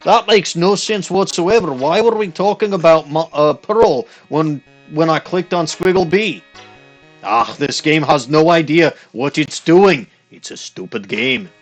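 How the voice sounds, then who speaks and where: A man's voice: a little high, expressive, unhurried, faint music behind. A man playing through a game, reading the dialogue aloud in a goofy put-on Scottish accent and commenting on the story. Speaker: let's play streamer.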